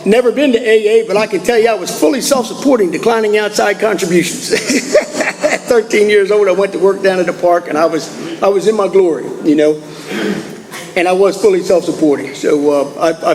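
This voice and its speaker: A man's voice: high-pitched, vocal fry. An older man from Maryland, speaking at a recovery meeting and telling his life story in a plainspoken, folksy way that circles back on itself. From Maryland, USA. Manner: plainspoken, folksy, repeats himself. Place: meeting hall. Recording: echoey hall with faint ambience.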